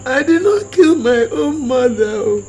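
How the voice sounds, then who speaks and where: A woman's voice: medium pitch, lively intonation, takes it slowly, warm tone, faint music behind, low-quality recording. An actress with a Nigerian accent playing a crying mother who keeps insisting she is fine. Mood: tearful. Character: grieving mother fearing for her life. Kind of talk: film drama acting.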